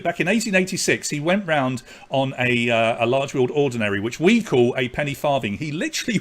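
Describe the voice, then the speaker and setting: Chatty English man hosting a quiz. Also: mid-range voice. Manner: lively, chatty, jokey asides between questions. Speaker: quiz host. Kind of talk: live online pub quiz hosting.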